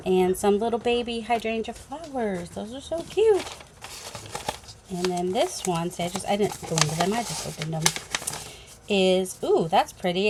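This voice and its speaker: A woman with a medium-pitched voice and a New England accent chats casually while unboxing craft supplies at home, recorded on a phone against a noisy background. The crafting channel host rambles, thinking aloud with lots of fillers.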